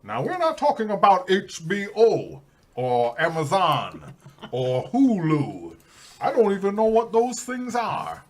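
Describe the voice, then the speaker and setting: A man doing an impression of a famous older narrator, pitching a patron drive in slow, grave, low tones. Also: huge pitch swings, exaggerated voice. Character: impression of a famous deep-voiced male narrator, older, grandiose.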